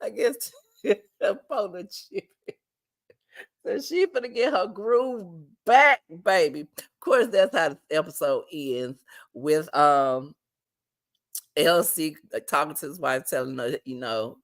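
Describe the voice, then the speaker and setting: A woman's voice: low voice, animated, a little slow. A woman casually recapping a TV episode for her viewers, chatty and laughing often. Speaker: show recap vlogger.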